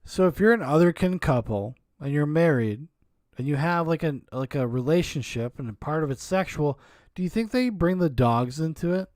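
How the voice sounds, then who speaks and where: A male podcast host mocks a documentary with crude, sarcastic riffs. His voice sits a little high. It sounds close and dry. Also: expressive, moderate pace, darkish tone, no echo, soft background music. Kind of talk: commentary on a documentary.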